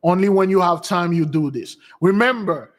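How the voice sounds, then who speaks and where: A man with a fairly high voice hosts a casual spiritual stream. He tells rambling stories and answers viewer questions, restarting sentences often. He jumps his voice even higher to act out the women he quotes. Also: normal speed.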